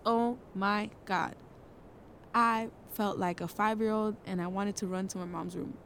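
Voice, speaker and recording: Teen girl, podcast host, chatty, dramatic, playfully scared, mid-pitched voice. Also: slight background noise. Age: late teens. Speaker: podcast host reviewing a film. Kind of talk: casual solo podcast review.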